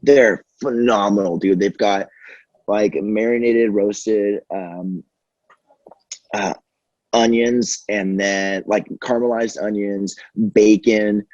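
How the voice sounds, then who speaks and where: A man's voice: fairly low pitch, steady tone, takes it slowly, darkish tone, no echo, dull audio. A young man telling stories in a casual podcast chat, rambling and profane with many fillers. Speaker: podcast guest.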